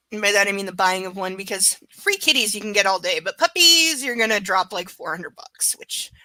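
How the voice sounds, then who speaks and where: Chatty woman with a bright voice. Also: mid-range voice, dry recording, rough recording. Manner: rambling, chatty, swears freely. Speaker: book reader streaming live. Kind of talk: casual chat during a live reading. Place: home.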